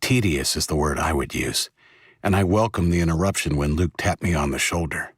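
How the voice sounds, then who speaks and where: Male audiobook narrator, low husky voice, steady delivery, dry close sound. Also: fairly quick, dry recording. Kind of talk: first-person audiobook narration.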